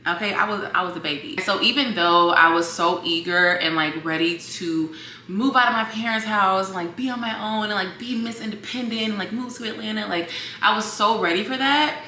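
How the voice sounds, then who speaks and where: A woman's voice: medium pitch, fairly quick, bright, forceful tone, roomy sound, slight background noise. A young woman from Virginia telling a personal story to her viewers in a chatty, emotional way, calling them girl and y'all. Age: young adult. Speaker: vlogger. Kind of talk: casual storytelling to camera.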